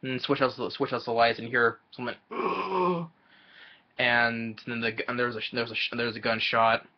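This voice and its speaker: A man casually retelling a film's plot in a rambling, halting way, with many fillers and chuckles. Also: mid-range voice, monotone, dull audio. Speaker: film reviewer.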